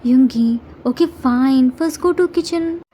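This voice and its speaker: A woman lowers her voice to play a grumpy, half-asleep young man in a storybook reading. He grumbles drowsily and then coaxes fondly, with a mellow, soft-edged tone. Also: unhurried, a little hiss or hum. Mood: sleepy gruff. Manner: gruff and drowsy, then coaxing. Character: sleepy grumpy young man, doting older brother figure.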